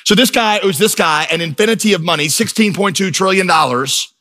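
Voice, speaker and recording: A middle-aged male pastor delivers a sermon with a bright, forceful voice that sits a little high. He tells stories and builds his lines to intense, emphatic peaks. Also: brisk. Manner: emphatic, storytelling preacher with rising intensity. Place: church.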